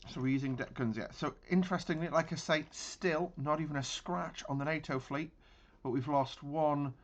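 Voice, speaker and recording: A man's voice: on the high side, steady tone, normal speed. A man giving casual gameplay commentary on a naval battle game, thinking aloud with frequent restarts. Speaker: gaming channel host.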